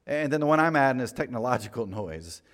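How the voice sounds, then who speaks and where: Male pastor, mid-range voice, relaxed self-mocking sermon delivery, echoing sanctuary. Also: medium pitch, fast. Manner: conversational, self-deprecating preaching. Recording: long hall reverb.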